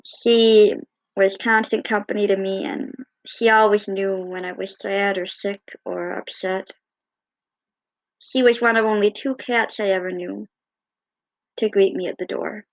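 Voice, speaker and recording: A woman telling fond, gently humorous personal stories in a casual way. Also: medium pitch, steady tone, unhurried, muffled recording. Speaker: cat owner.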